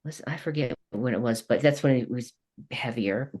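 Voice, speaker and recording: A woman's voice: a bass voice, normal speed, darkish tone. A woman in her sixties from Kentucky, a coach chatting as a podcast guest in a rambling, laughing way. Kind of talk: casual interview chat.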